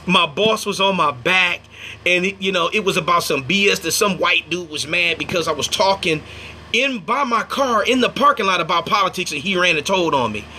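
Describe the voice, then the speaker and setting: Speaking at a normal speed in a high-pitched voice, a young man from Indiana, US, runs a laid-back livestream over a slight hiss or hum. His stories come out lively, with quotes acted out and thank-yous to viewers dropped in mid-tale.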